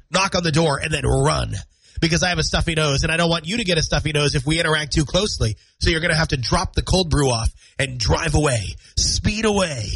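A man's voice: a little high, a bit bright, husky, poor audio. A man in his thirties hosting a morning radio show alone, nasal and congested from a cold, chatty and self-deprecating. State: stuffy nose and scratchy throat from a cold. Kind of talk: solo morning radio talk. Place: radio studio. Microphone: studio microphone.

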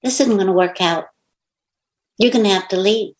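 At a moderate pace and in a mid-range voice, a middle-aged woman being interviewed as an author shares a personal story casually. She is an animated storyteller who performs the quoted dialogue, heard through a rough recording.

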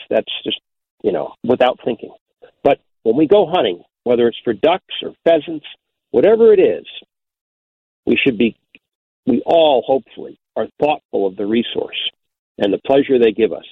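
An older man tells an outdoors story in an easygoing, folksy way, stumbling over and repeating words as he goes. His voice sits at an ordinary pitch. It comes through a narrow, tinny, phone-like band with a completely dry sound. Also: creaky, breathy edge, no room sound. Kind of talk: storytelling on radio.

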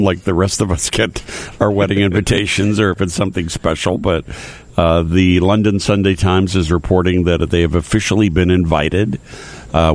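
Male radio host, very low voice, stop-start casual talk. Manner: hesitant, many uh fillers and restarts.

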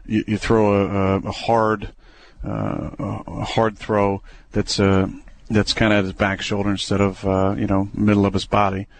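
A young adult man, a quarterback, talking through plays in a relaxed, hesitant way with many fillers and restarts. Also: lowish voice, normal speed, slight background noise. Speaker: football quarterback. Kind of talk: casual radio interview.

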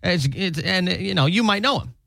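Lively, upbeat young man on morning radio. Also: high voice, normal speed, creaky, dry recording. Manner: upbeat, laughs often. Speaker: radio morning show co-host. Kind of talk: casual radio banter. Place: radio studio. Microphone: close studio mic.

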